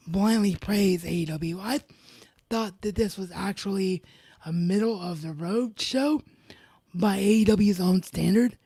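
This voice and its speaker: Enthusiastic woman reviewing wrestling, mellow voice. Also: medium pitch, husky, dry recording. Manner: enthusiastic, repeats emphatic words. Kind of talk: live solo show review.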